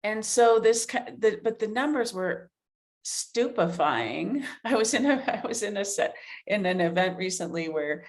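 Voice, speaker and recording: A woman's voice: medium pitch, lively intonation, measured pace. A middle-aged woman journalist answering interview questions earnestly, thinking aloud with fillers and restarts. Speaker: author and investigative journalist, guest.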